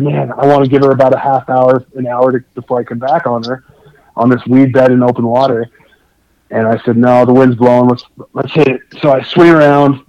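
A man telling a long fishing story in a casual, excitable, rambling way, over dull lo-fi remote audio. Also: mid-range voice, no echo. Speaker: guest angler.

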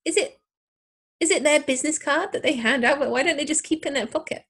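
A woman co-hosting a podcast, trading teasing, quick-witted banter. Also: high voice, a bit bright. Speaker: podcast co-host. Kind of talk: casual chat.

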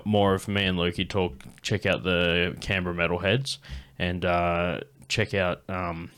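A man's voice: low voice, fairly bright tone, clear, resonant tone. Sweary man telling stories. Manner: laid-back, sweary, laughing often. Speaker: comedian podcast host. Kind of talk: casual storytelling chat.

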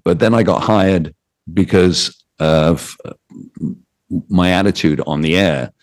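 A British man with a British accent, a radio DJ and author telling lively anecdotes as an interview guest. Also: sits low, takes it slowly. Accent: British English. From Britain. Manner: animated anecdotes with quoted voices. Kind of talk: storytelling interview.

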